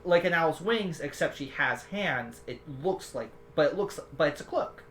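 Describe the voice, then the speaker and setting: Woman game master narrating with lively swings. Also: sits low, moderate pace, a little hiss or hum. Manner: rambling descriptive narration with restarts.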